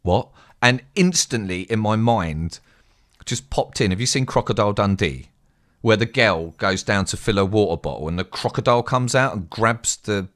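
An English man telling a rambling, sweary story in a casual, animated way as a streamer. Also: on the low side. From England.

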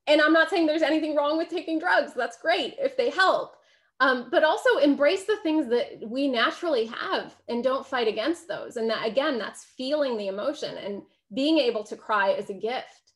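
A woman's voice: high voice, a bit bright. A woman giving a public book talk, conversational and emphatic, often checking in with "right?" and laughing easily.

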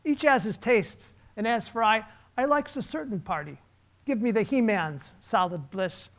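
A man putting on a cocky, streetwise Bronx voice, in an attempted Bronx accent, reciting loudly and slowly. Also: high voice, pitched above the performer's own voice. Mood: brash, mocking. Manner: loud, slow, mock-tough recitation.

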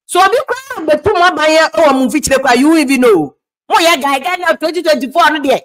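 Emphatic high-voiced Ghanaian woman. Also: expressive, fast, slight background noise, low-quality recording. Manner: switches between English and Twi, emphatic, repeats for stress. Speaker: political commentator. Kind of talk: heated political commentary.

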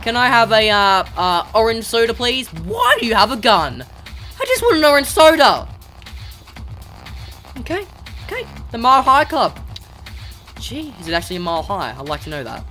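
A gamer giving excitable let's play commentary, yelling and cheering often while flying. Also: mid-range voice, a little slow, soft background music.

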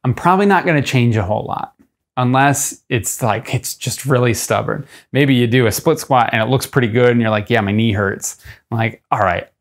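Young guy coach talking thru push-up cues, relaxed and chatty, lots of ums. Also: mid-range voice, brisk. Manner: loose and conversational, with fillers and self-corrections; demonstrates push-ups while talking. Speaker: strength coach. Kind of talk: casual instructional talk to camera.

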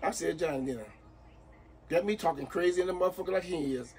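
A man's voice: a little high, quick pace, vocal fry, darkish tone, a little hiss or hum. A man, an uncle caught in a prank, ranting in exasperation, swearing constantly and repeating himself.

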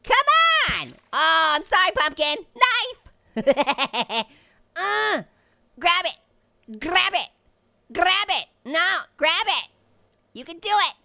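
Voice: very high voice, sing-song, very slow, long pauses, bright, forceful tone, dry recording, heavily acted. A performer voicing a hyper, cheeky male talking orange who giggles, makes puns and chatters nonstop while playing a game. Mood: playful. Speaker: game player. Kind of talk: cartoon character let's-play commentary.

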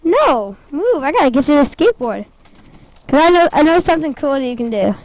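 A woman giving casual, excitable gameplay commentary, giggling and talking to the game as she plays. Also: sits high, quick pace, no echo, low-quality recording.

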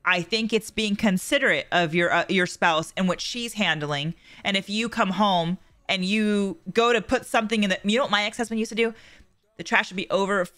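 A woman's voice: medium pitch, normal speed, fairly bright tone. A woman hosting a podcast in casual chat, talking freely and acting out quoted remarks. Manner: chatty, acts out quoted remarks, reads chat messages. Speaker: podcast host.

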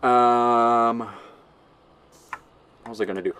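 A man's voice: mid-range voice, expressive, unhurried, gravelly, pauses often, fairly bright tone. A man giving casual gameplay commentary, rambling and giggling as he mocks himself. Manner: rambling, giggly, self-mocking.

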